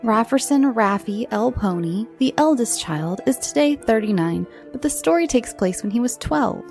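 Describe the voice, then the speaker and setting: This woman's voice sits fairly high, with animated delivery and a darkish tone. Hosting a show of spooky bedtime stories for kids, she narrates slowly and dramatically, sometimes dropping into a whisper, while faint music plays behind her.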